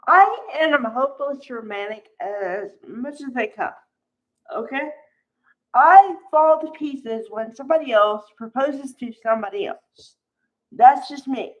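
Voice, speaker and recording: A woman's voice: high voice, expressive, measured pace, highs cut off. A woman chatting casually as a soap opera commentator, frank and chatty, laughing often and calling people honey.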